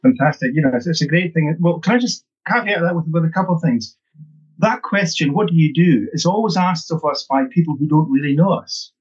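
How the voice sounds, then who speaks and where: A man's voice: on the high side, fairly quick, husky. A middle-aged man, a training consultant, answering interview questions in an upbeat, emphatic way, often repeating words. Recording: dull lo-fi sound.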